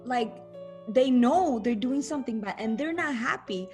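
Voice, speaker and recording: A young woman guest on a casual podcast chat, telling stories animatedly with quick restarts and acted-out quotes. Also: a little high, animated, darkish tone, faint music behind.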